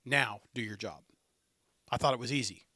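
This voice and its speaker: A man's voice: medium pitch, normal speed, pushed and bright, dry recording, clean studio sound. A man hosting a podcast, chatting casually and telling stories with frequent laughs. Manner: chatty storyteller, laughs often. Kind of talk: casual chat.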